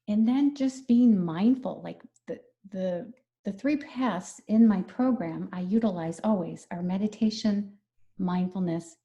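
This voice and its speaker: A woman's voice: medium pitch, mellow, dull audio. A woman stress management coach explaining her methods earnestly in a conversational interview, repeating key phrases.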